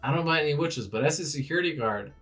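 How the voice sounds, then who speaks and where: A man voicing a flustered male security guard who talks in quick, defensive questions. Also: on the high side, animated, fairly bright tone, faint music behind. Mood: stubborn.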